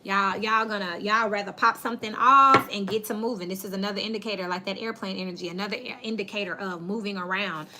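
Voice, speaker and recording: A woman's voice: mid-range voice, fast talker, few pauses, very noisy. A woman giving a casual tarot reading, talking bluntly and plainly to her viewers. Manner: blunt, plain-spoken, animated storytelling. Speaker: tarot reader.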